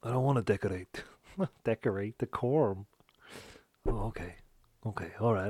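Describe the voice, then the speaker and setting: A man's voice: lowish voice, moderate pace, long pauses, darkish tone, breathy edge, no echo, clean studio sound. A man hosting a podcast, chatting casually and playfully, often swearing. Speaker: podcast host. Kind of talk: casual chat.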